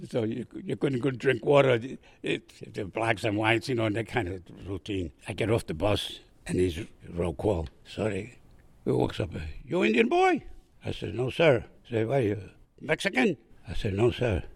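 Older man from Puerto Rico, raspy veteran storyteller, very lively pitch, dry close sound. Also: normal speed, dry recording. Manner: animated storyteller, acts out quoted voices, laughs often. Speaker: veteran guest. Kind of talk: storytelling interview.

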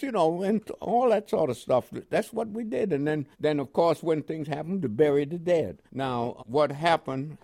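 A man's voice: mid-range voice, a little mellow, no room sound. An older American man telling his story in an oral history interview, in a chuckling storytelling manner with repeated words. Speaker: interviewee, WWII veteran.

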